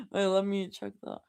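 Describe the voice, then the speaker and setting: A woman reads fanfiction on a live stream, slipping between the story text and chatty asides. She giggles often, and her voice swings widely in pitch, from low murmurs up to sudden high exclamations. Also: a little mellow, clear, resonant tone. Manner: giggly, breaks off to react and chat. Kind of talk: live reading with chatty reactions.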